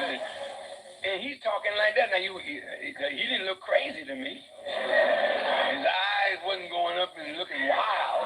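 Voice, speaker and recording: A man's voice: high voice, very noisy. A man preaching a sermon, emphatic and repetitive, his voice climbing as he builds.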